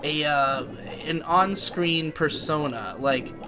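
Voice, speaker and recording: A man's voice: a little high, slow, music in the background. A young man co-hosting a podcast, chatting casually while playing a game and thinking aloud with many restarts. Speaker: podcast co-host. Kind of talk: casual chat while gaming.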